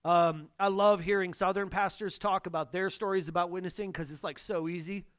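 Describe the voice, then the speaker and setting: A young adult male pastor preaching a sermon, telling personal stories in an animated way and acting out the dialogue. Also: sits high, fairly quick, dry recording. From Northern US. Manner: animated storytelling, acts out dialogue.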